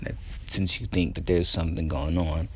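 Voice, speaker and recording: Laid-back young man with a lowish voice. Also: little pitch movement, moderate pace, breathy edge. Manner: laid-back and profane, trailing off with ums and laughing at his own jokes. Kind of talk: casual fan-fiction storytelling.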